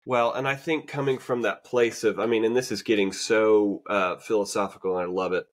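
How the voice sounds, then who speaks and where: Low-voiced man, reflective and rambling. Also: steady tone, a little fast. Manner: reflective, rambling, many fillers and restarts. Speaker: podcast co-host. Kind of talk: casual conversation.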